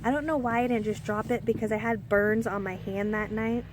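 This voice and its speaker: A woman's voice: mid-range voice, steady tone, fairly quick, noisy background. A young woman telling a personal story in a casual storytime vlog, rambling with many fillers and restarts. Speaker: storyteller vlogger.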